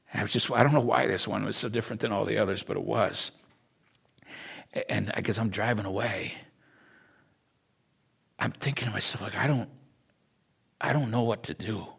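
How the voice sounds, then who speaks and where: A man's voice: lowish voice, vocal fry, fairly bright tone, breathy edge. A man, teaching a Bible school class through an earnest, emotional personal story.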